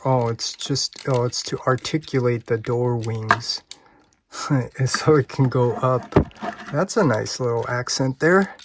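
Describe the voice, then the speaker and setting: A man reviewing a toy hands-on, thinking aloud in an unhurried, hesitant way and chuckling often. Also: mid-range voice. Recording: steady background noise.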